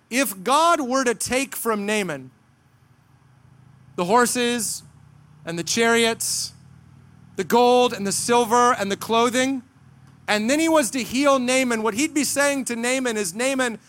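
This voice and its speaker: A man's voice: very high voice, unhurried, long pauses, fairly bright tone. A man preaching a sermon, earnest and emphatic, acting out short dramatic asides in other voices. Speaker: pastor.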